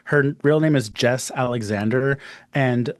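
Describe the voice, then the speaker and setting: A man's voice: medium pitch, measured pace, dry recording, clean studio sound. A man co-hosting a horror podcast in casual chat, gossiping animatedly about the cast. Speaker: podcast co-host.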